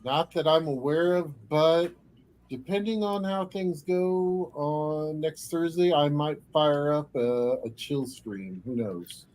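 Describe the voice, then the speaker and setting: A man on a casual chat show, telling stories in an animated way. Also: fairly high pitch, slow.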